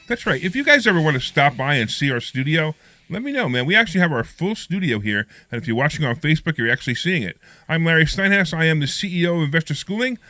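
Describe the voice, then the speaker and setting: Fast, bright-voiced male radio host. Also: fairly high pitch, no echo. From United States. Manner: energetic, chatty, promotional. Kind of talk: casual live radio talk. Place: radio studio.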